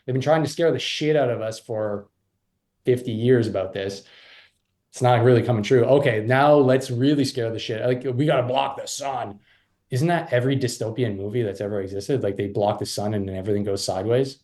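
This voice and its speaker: A man talking as a podcast guest, animated and rambling with frequent restarts. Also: medium pitch, brisk. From Canada. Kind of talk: casual interview chat.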